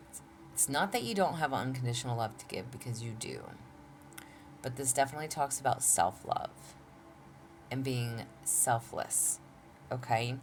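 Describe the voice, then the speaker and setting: A woman's voice: a bass voice, slight background noise. A woman hosting a casual tarot reading from home, chatty, laughing often and saying y'all. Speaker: tarot reader, channel host.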